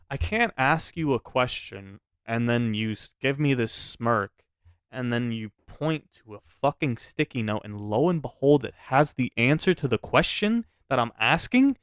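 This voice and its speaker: A man telling a personal story in a casual, animated way, swearing freely and often restarting his sentences. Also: mid-range voice, clean tone, no room sound, studio quality.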